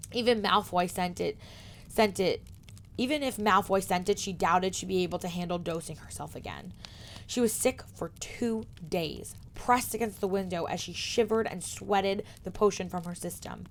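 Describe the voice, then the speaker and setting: A woman streamer reading a fan fiction novel aloud, steady narration with small slips. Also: fairly low pitch, slight background noise.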